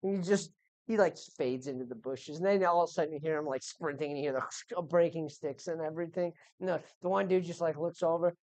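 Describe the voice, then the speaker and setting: Woman game master, low voice, dry close sound, rambling casual narration. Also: fast, warm tone, dry recording. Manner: casual, rambling, lots of fillers and swearing.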